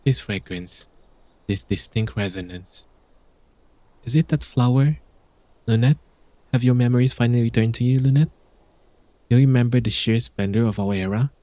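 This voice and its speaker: A man's voice: medium pitch, dark tone, no room sound, natural voice. A man voicing a grandiose ancient zealot from a game, reading the lines in a fervent, theatrical way. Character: grandiose ancient zealot craving lost glory. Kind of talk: reading game dialogue aloud.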